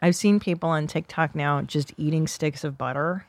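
Gravelly, blunt woman podcast host. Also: low voice, normal speed, no echo. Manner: blunt, swears freely, laughs often. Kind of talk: casual podcast chat.

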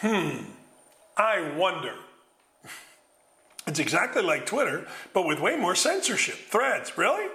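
A man hosting a sports talk show, ranting bluntly and loudly. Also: high voice, reverberant. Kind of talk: fired-up sports radio rant.

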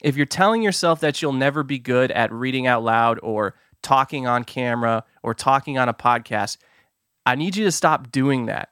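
A man hosting his own podcast, giving advice in an upbeat, quick, self-amused way. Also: mid-range voice, a bit bright, clean tone, dry recording, studio quality. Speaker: podcast host. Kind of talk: solo podcast advice talk.

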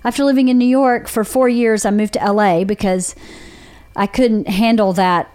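A woman in her forties with a Southern accent from Georgia, hosting a podcast and telling candid stories with lively quoted voices. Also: fairly high pitch, moderate pace. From Georgia, USA. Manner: candid storytelling with animated put-on quotes. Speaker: podcast host. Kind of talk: casual chat.

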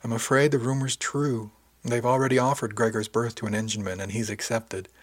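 A man's voice: mid-range voice, level tone, fairly quick, close to an everyday voice. A man voicing a wry, easygoing woman who leads a ship's section, speaking with dry humor.

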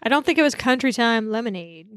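A woman's voice: on the high side, expressive, fast talker, a bit bright, no room sound, studio quality. Chatty woman co-hosting a TV recap. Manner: chatty, quotes others in raised voice. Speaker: podcast co-host. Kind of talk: casual recap chat.

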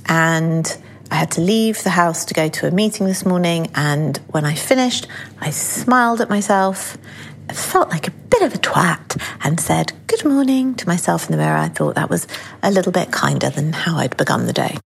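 A woman's voice: low-pitched, normal speed, gravelly, a little hiss or hum. A middle-aged woman co-hosting a podcast, telling stories in casual chat, candid and swearing freely. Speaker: podcast co-host.

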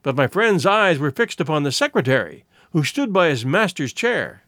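A man narrating a classic story as an audiobook in an expressive, measured way. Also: on the high side, dry recording, studio quality.

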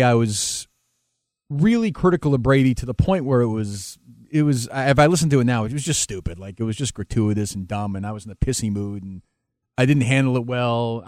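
A man, a talk radio host, speaking candidly and emotionally in an interview, with frequent halting restarts. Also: medium pitch, dry recording, studio quality. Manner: halting, many restarts, emotional and self-critical.

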